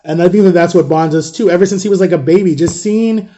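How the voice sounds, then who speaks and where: Warm-voiced man telling a storytime vlog. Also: sits high, quick pace, highs cut off. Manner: animated retelling, keeps quoting both sides of a conversation. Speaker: vlogger telling a personal story. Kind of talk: casual storytime.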